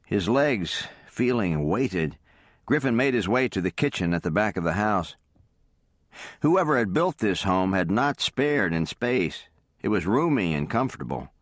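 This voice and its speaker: A man calmly narrating a romance audiobook close to the mic. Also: on the low side, unhurried, dry recording. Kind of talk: scripted narration.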